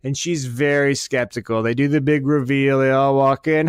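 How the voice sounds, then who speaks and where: A man's voice: mid-range voice, flat delivery, normal speed, few pauses, clean tone, dry recording, studio quality. Foul-mouthed sarcastic man ranting. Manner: crude, sarcastic, swears constantly. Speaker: podcast host. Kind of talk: profane comedic rant.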